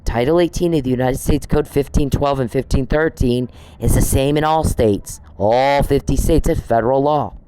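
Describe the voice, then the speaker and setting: A man's voice: mid-range voice, normal speed, hardly any pauses, warm tone, clear, resonant tone, poor audio. A man on a podcast, delivering an angry, profane monologue aimed straight at one person he scolds. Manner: indignant, profane, scolding someone directly.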